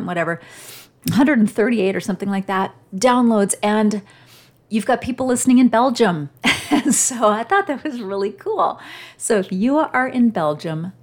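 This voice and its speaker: A middle-aged woman hosting her own podcast, telling a personal story in a warm, chatty, heartfelt way with emotional pauses. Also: medium pitch. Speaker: podcast host.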